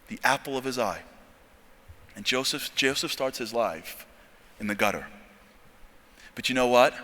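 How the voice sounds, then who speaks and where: A man giving a storytelling sermon talk at a convention, animated and jokey, acting out dialogue. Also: a little high. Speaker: speaker at a convention. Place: large convention hall. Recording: long hall reverb.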